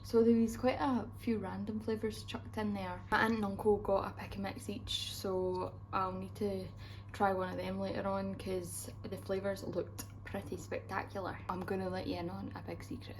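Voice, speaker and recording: A young Scottish woman talking straight to camera in a relaxed travel vlog. Her delivery is chatty and upbeat, sprinkled with casual fillers, at a mid pitch. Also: normal speed, slight background noise, low-quality recording. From Scotland. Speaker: travel vlogger.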